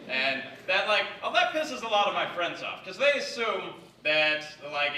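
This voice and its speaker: A man from the Yukon doing a conversational, self-deprecating stand-up set on a theatre stage, slipping into quick acted quotes. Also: fairly high pitch, bright, forceful tone, slight background noise. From Yukon, Canada. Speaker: stand-up comedian. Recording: echoey theatre, mic at a distance.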